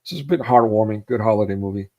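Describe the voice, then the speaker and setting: A man's voice: lowish voice, rapid-fire, warm tone. Man rambling casually about favorite films. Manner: rambling, with many fillers and restarts; acts out movie quotes in raised voices. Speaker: co-host of a film chat.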